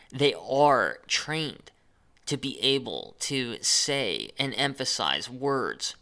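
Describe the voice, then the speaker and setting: A man speaks alone in a deliberate, chopped monologue, leaning hard on the words he means to stress. His pitch swings widely from phrase to phrase, and his voice has a gravelly edge. The tone is bright and forward. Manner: chopped, overly emphasized phrasing; unedited, speaks off the cuff. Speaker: channel host.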